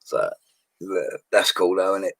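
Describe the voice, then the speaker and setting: A man with a deep, unhurried, slightly rough voice hosts a live stream from his home studio. He chats casually in an upbeat, slangy way, laughing often as he reads viewer comments aloud.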